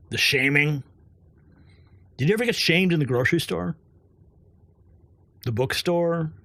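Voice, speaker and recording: Male commentary host, angry and mocking, slows down to hammer points, somewhat high pitch. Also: fairly bright tone, no echo. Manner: heated, sarcastic, drawn-out emphasis.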